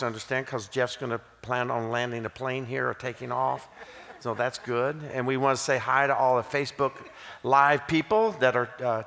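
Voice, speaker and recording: A mid-range voice with vocal fry, bright and forceful, belongs to a guest preacher from Kentucky with a Southern accent. Between jokes and self-deprecating stories, he delivers his sermon in a church auditorium with long hall reverb.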